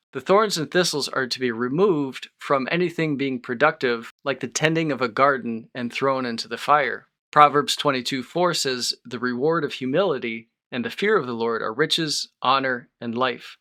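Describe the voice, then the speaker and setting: A man preaching a sermon as a pastor, reading scripture aloud and explaining it in short, measured phrases. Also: mid-range voice, sharp tone.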